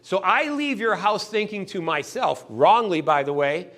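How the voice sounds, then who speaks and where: This man speaks at a normal speed in a high-pitched voice, delivering a motivational sales training talk. He's animated, acting out customers and salespeople in little scenes and voicing the customers himself.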